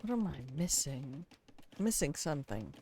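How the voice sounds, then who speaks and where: A woman's voice: deep voice, big pitch swings, normal speed, mellow, slight background noise. An older woman streaming a game, chatting casually in a sarcastic, self-mocking way into a desk mic. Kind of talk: casual live-stream chat while gaming.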